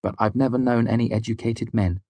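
A man voicing a sharp-tongued young woman physician in an audiobook, speaking dryly and sardonically. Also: medium pitch, fairly even intonation, brisk, no echo, voice pushed up, natural voice. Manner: dry and sardonic. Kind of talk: audiobook character voice.

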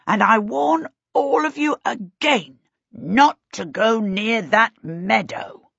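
A woman's voice: a little high, slow, creaky, a bit bright, husky, dry recording, voice pushed up, full character voice. A woman voicing a fussy male kobold leader who grumbles and sighs in a serious tone. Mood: grumbling. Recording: dull lo-fi recording.

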